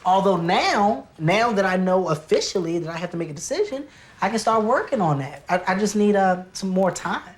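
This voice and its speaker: A man's voice: high-pitched, expressive, normal speed. An actor in his twenties playing an indecisive young boyfriend who stammers and hesitates nervously in a sitcom. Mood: flustered. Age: 20s. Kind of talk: sitcom acting.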